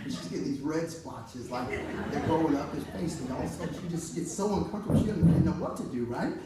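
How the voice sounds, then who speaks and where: A man telling a comic story on stage in a live venue, animated and profane, with frequent asides to the audience. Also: on the high side, quick pace. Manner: animated, profane, playful, talks straight to the audience. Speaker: musician telling stories on stage. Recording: echoey venue, distant mic, audience noise.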